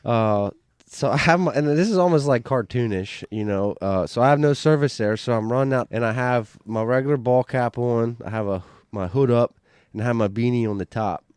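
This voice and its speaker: A man telling a hunting story on a podcast, excited and rambling, restarting sentences and swearing casually. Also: mid-range voice, a little fast, clean tone, dry recording. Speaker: podcast guest, bowhunter.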